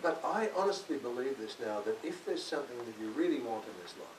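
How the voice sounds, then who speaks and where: An older man speaks to a library audience in a relaxed, joking way. He is picked up from far back in an echoey hall. A steady hiss runs under his voice. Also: mid-range voice, fast talker. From Australia. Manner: chatty, self-mocking, laughs often. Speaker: author speaking at a library event. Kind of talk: talk to an audience.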